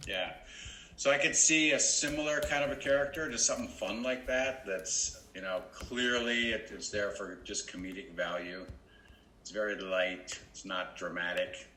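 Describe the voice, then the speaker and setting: A man's voice: fairly low pitch, moderate pace, sharp tone, a little hiss or hum. A man coaching an actor on a video call, explaining in an easygoing way with lots of fillers. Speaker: acting coach. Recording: roomy video call with faint ambience.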